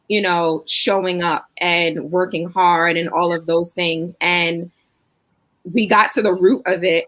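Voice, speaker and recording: A woman's voice: lowish voice, fairly bright tone. A woman on a panel who speaks earnestly and openly. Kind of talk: panel discussion.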